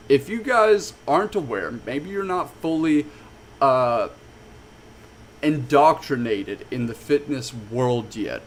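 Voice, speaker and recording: A man telling a story casually on a stream, animated and swearing a lot. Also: mid-range voice, a little hiss or hum.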